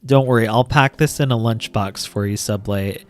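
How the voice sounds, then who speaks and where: A man's voice: lowish voice, moderate pace. A man hosting a casual LEGO building vlog, chatting playfully with self-mocking jokes and rambling asides. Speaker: LEGO building channel host.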